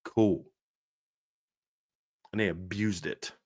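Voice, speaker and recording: A man on a sports podcast goes off in a heated rant, stumbling over restarts as he pushes his point. His voice is bright and forceful and sits a little high for a man. The sound is close and dry, with no room around it. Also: animated, normal speed, no room sound. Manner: fired up, ranting, repeats himself with restarts.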